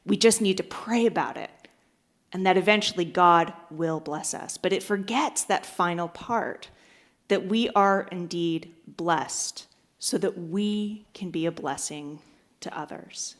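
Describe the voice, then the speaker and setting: A woman's voice: on the low side, a little slow. A woman pastor giving a sermon, telling a joke with acted-out voices and then preaching. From United States. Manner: storytelling, acts out voices in a joke.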